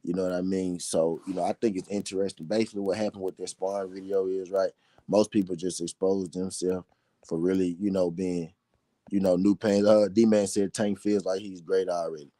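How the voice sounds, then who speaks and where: A man's voice: sits low, little pitch movement, a little fast, dark tone, no echo. A man hosting a live boxing talk show, chatting casually and profanely, reading viewers' comments and asking "you know what I mean?". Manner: reads and answers chat comments.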